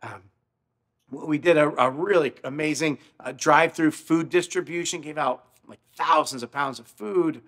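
A man's voice: a little high, moderate pace, fairly bright tone. A male pastor telling a story in a sermon, earnest, often repeating his words as he speaks. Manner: stammering repetitions, earnest.

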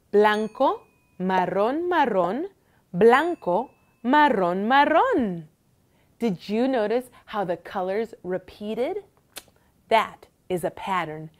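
A woman hosting a bilingual children's lesson, speaking in an encouraging sing-song way. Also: a little high. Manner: slow, lively, encouraging sing-song delivery. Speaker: children's teacher host.

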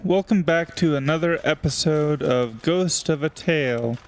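Man for let's play host, slow sarcastic commentary, slightly high voice. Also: slight background noise. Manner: sarcastic, joking. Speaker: gaming channel host.

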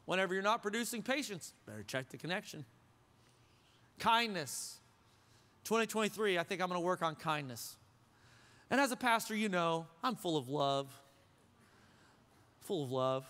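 Bright, high-voiced joking pastor. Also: male voice, animated, normal speed, pauses often, long reverb tail. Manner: conversational, joking, asks the crowd questions. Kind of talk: sermon. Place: church sanctuary.

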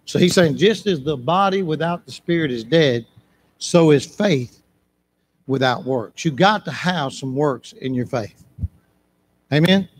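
A man preaching a sermon in church, impassioned, repeating phrases for emphasis and breaking into shouts. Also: fairly high pitch, expressive, measured pace.

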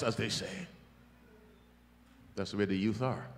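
A male preacher giving a revival sermon, emphatic and teasing, with sudden loud bursts. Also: on the low side, fairly even intonation, measured pace, long pauses. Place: large church hall. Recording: long church hall reverb.

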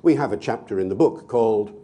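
A man's voice: fairly low pitch, quick pace, warm tone. A man giving an expansive online talk, explaining with many asides. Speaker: language expert.

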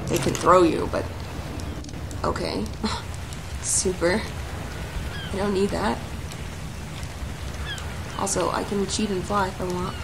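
A woman hosting a gaming channel, commenting as she plays alone. She chats to and scolds her in-game animals, her voice carrying a gravelly rasp and an unhurried pace. A steady hiss sits behind the recording. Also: medium pitch. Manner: talks to her game animals, erupts into shouted anger. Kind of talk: solo gameplay commentary.

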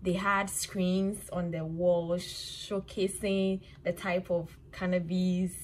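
A woman's voice: on the low side, level tone, takes it slowly, a little hiss or hum. A woman vlogging to a handheld phone, chatty and laughing often, tired and cold from the winter. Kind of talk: casual vlog talk to camera. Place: outdoors in winter streets, later at home.

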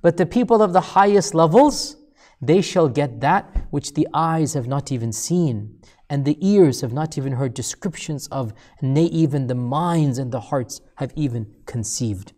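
A man preaching a sermon, telling a story with emphatic repeated phrases that build up and then fall to a low, hushed voice. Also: animated, a little slow.

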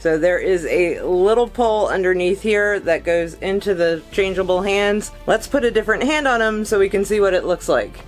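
A woman at a middling pitch reviews a collectible as she unboxes it, talking straight to her viewers and gushing with emotion. Faint music plays behind her voice. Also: expressive, moderate pace, few pauses, rough recording. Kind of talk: excited unboxing vlog.

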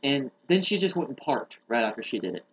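A man in casual comedic chat, telling a story in an animated way and laughing along. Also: medium pitch, brisk, slight background noise, rough recording. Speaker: podcast co-host.

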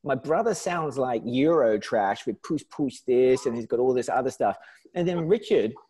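A chatty man with a southern English accent, talking as an interview guest over a video call. His pitch sits in a normal middle range, and he laughs easily and restarts his sentences as he goes. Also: lively intonation, normal speed, warm tone. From south of England. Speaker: company founder, guest. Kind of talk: casual interview chat.

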